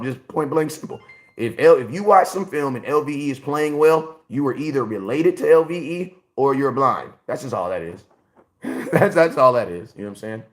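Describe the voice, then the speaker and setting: A forty-year-old man hosting a casual sports livestream, talking bluntly and repeating himself as he answers his chat. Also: medium pitch. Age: 40s. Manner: blunt, repetitive, talks straight to chat.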